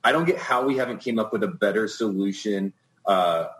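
A man's voice: lowish voice, a little fast, fairly bright tone, rough recording. A man co-hosting a podcast, rambling in casual chat with many ums and restarts. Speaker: podcast co-host.

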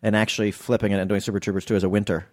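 A man's voice: lowish voice, little pitch movement, very fast. A man, a comedian guest, chatting casually and laughing readily. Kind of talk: casual chat.

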